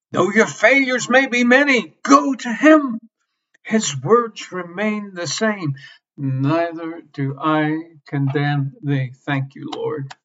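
A man preaching a sermon with passion. He swings between loud emphasis and soft near-whispers and repeats key phrases. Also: medium pitch, husky. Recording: slightly dull lo-fi sermon recording.

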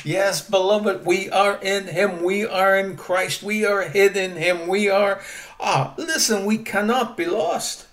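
A man preaching a sermon emphatically, repeating key phrases and swinging between loud rises and quiet drops. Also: sits high, slow pace.

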